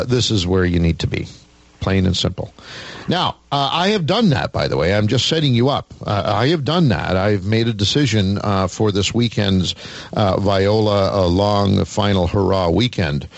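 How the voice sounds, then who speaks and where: A man's voice: fairly low pitch, creaky, no room sound. A man hosting a radio show, chatting in a folksy, casual way with many fillers.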